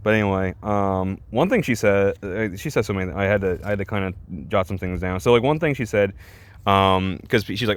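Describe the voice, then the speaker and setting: A man's voice: fairly low pitch, fairly quick, clear, resonant tone. A man ranting in reaction commentary, rambling and exasperated, with many restarts and fillers. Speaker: vlogger.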